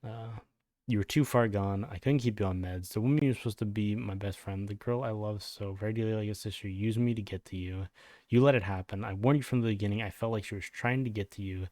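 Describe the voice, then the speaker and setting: Low-voiced man reading a statement aloud. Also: fast talker, a little mellow, no echo. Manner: blunt, swears in his asides. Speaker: commentary YouTuber.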